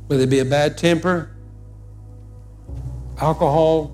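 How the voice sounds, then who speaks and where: A man preaching a sermon as pastor, emphatic and urging, building to loud exhortations. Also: on the high side, fairly even intonation, measured pace, pauses often, soft background music.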